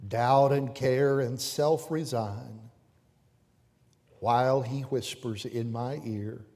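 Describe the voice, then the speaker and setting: Slow-preaching pastor in a reverberant church. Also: male voice, medium pitch, steady tone. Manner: preaching with rising fervor and hushed appeals. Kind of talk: sermon. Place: church sanctuary with pews. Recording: long reverb of a church hall.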